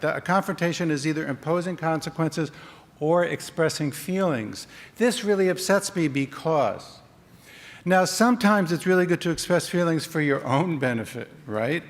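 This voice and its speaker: A man's voice: fairly high pitch, normal speed. A man giving a conference talk in a conversational way, acting out short example dialogues. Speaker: conference speaker. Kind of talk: conference presentation. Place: conference hall. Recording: long reverb of a hall.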